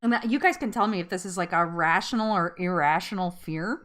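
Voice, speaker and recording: A woman's voice: on the low side, a little fast, fairly bright tone. A woman hosting a casual live-stream chat with viewers, chatty and rambling, often laughing at herself.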